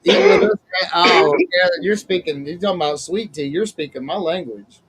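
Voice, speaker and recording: A man's voice: high voice, moderate pace, a loud crowd, rough recording. A man hosting a casual chat as a minister, folksy and chatty, laughing often. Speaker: host, minister.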